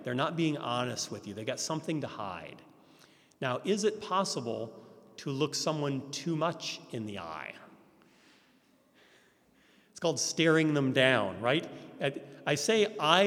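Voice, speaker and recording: A man teaching a class on ministry, often putting rhetorical questions to his audience. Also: a little high. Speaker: Christian ministry instructor. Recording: echoey hall reverb.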